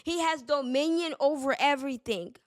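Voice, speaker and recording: Woman with a dry, higher voice giving a devotional talk. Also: moderate pace, no room sound. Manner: conversational, many fillers, repeats key phrases for emphasis. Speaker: podcast host. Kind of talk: casual devotional talk with scripture reading.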